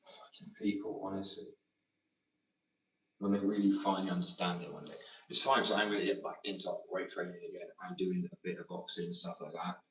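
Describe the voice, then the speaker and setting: A man's voice: sits low, steady tone, brisk, fairly bright tone. Profane ranting man, slight Australian twang. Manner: profane, combative, rambling. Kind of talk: ranting monologue to camera. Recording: roomy sound from a distant mic.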